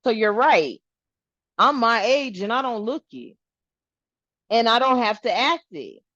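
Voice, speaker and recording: A woman hosting a spiritual channel, talking casually to her viewers in an animated, rambling way and swearing freely. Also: a little high, measured pace, no room sound, dull audio.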